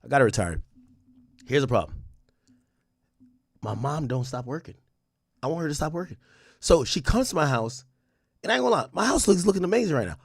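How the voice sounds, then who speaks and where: A man's voice: on the high side, a little fast, gravelly, pauses often, husky, no echo, clean studio sound. A man streaming live, telling chat stories in a casual, slangy, profane style. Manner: animated storytelling with slang and profanity. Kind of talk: casual chat with a livestream audience.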